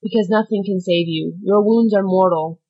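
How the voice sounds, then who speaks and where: A woman reading an audiobook, voicing a calm, solemn avenging nobleman who speaks in a measured, grave way. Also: medium pitch, close to an everyday voice. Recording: dull lo-fi recording.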